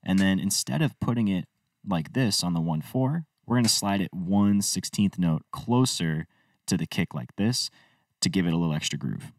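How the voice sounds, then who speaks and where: Low-voiced man explaining a production tutorial. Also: animated, normal speed, no echo, far from the mic. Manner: easygoing, explains step by step. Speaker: music producer teaching a tutorial. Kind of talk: screen-recorded tutorial walkthrough.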